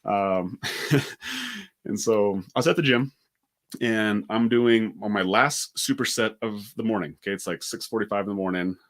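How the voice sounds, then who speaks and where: A man co-hosting a podcast and telling stories in a casual chat, talking quickly with many fillers. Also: on the low side. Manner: fast, animated, many "like" fillers. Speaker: podcast co-host.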